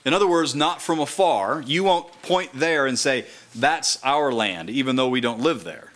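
Bright-voiced man preaching at a house church. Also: medium pitch, expressive. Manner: reads scripture aloud slowly, then explains it conversationally. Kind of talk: sermon.

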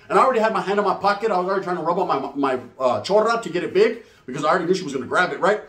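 Fast-talking Chicano streetwise storyteller man. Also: sits high, expressive, a bit bright, roomy sound. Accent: Chicano English. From California. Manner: streetwise slang, acts out other voices, addresses listeners directly. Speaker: storyteller host. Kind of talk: profane comedic storytelling.

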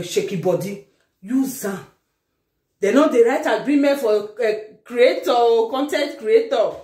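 A woman with a Nigerian accent giving casual commentary to her followers as a vlogger. She is animated and teasing, swinging between loud exclamations and low asides. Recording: echoey room.

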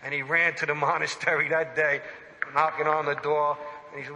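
A male priest preaching a sermon with a very bright, forceful voice, a little higher than most men. He is emphatic and animated, often putting questions straight to his listeners. His voice rings out in a church with a long reverb. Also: brisk.

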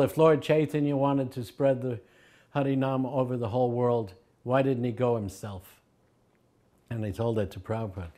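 A man's voice: medium pitch, warm tone. An older man recalling his teacher in an interview, telling anecdotes and acting out the quoted voices with a chuckle.

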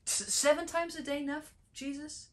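A woman's voice: sits high, steady tone, moderate pace, a bit bright, pitched above the performer's own voice. A woman voicing an eager male disciple asking a hopeful, chatty question.

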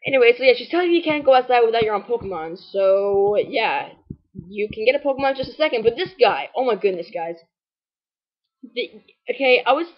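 Casually narrating a game walkthrough for a let's-play, a woman with a slightly rough, higher-leaning voice rambles with a sarcastic edge. "Like" and "anyways" crop up constantly, and the highs in the recording are cut off.

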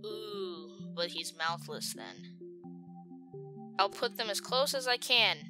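A woman giving chatty, excitable commentary while playing a video game, often talking to the creatures on screen. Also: mid-range voice, slow pace, over music. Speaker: gamer. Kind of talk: let's play gameplay commentary.

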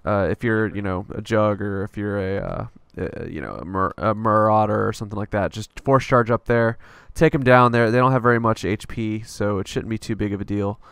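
A man's voice: on the low side, brisk, gravelly, few pauses, fairly bright tone, smooth, dry recording. A man narrating a casual gameplay strategy guide in a loose, rambling way, full of fillers and offhand swearing.

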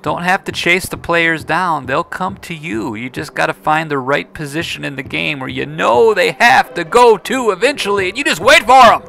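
A man giving casual gameplay commentary, playful and excitable, teasing other players and chatting to his viewers. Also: a little high, moderate pace, creaky, hardly any pauses. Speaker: gaming video creator.

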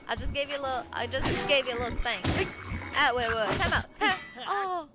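A woman's voice: sits high, animated, brisk. A young woman streaming a video game live, chatting and giggling, cooing at enemies in a baby voice. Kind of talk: live gameplay commentary. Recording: music playing under the voice.

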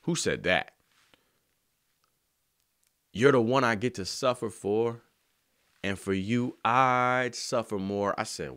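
A man telling an emotional story about writing a song, earnest and slangy, sometimes softly singing lines. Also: medium pitch, slow, pauses often, dry recording, clean studio sound. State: choked up. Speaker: songwriter. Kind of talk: heartfelt spoken testimony.

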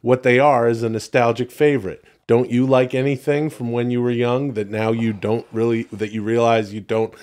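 Profane excitable male podcast co-host. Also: mid-range voice, normal speed, hardly any pauses. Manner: profane, excitable, stumbles over words. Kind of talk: casual chat.

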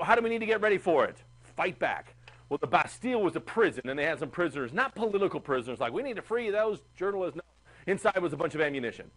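A man teaching a history class, chatty and animated, asking the class questions. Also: high-pitched. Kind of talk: classroom lecture.

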